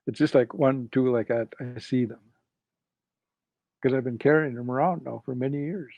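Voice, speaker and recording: An older man from Canada, a guest in an interview, slowly and reflectively telling a personal story and retelling what others said. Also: mid-range voice, steady tone, gravelly, no echo. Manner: slow, reflective, retells quoted speech. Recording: dull lo-fi dry sound.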